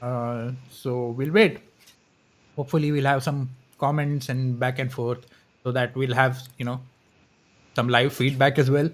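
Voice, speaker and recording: A man co-hosting a casual live-stream chat, talking haltingly with frequent restarts and small laughs. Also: medium pitch, flat delivery. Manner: hesitant, many restarts and laughs. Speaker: podcast co-host.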